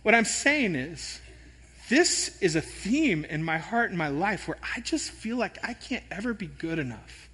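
A man preaching a sermon in an animated, self-deprecating storytelling manner. His voice sits high and sounds bright. The sound carries a long reverb, as in a large church sanctuary. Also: a little slow, husky. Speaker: pastor.

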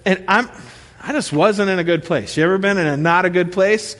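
A man in his thirties preaching a sermon, telling stories with animated energy and acting out what people said. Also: high voice, fairly quick. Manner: animated storytelling, acting out quotes. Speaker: pastor. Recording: long reverb of a large hall.

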